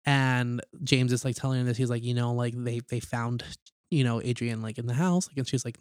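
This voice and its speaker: A man's voice: mid-range voice, fairly even intonation, brisk, dry recording, clean studio sound. A man casually retelling a film's plot on a podcast, rambling with lots of "like" and acting out the characters' lines. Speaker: podcast co-host. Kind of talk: casual movie recap chat.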